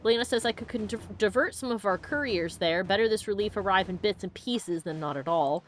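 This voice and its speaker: Woman doing a let's play, reads the game text out loud, chats and giggles, does goofy little voices, average pitch. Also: expressive, slight background noise. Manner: chatty, giggly, reads dialogue in quick funny voices. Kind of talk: casual gameplay chat, reading game text aloud.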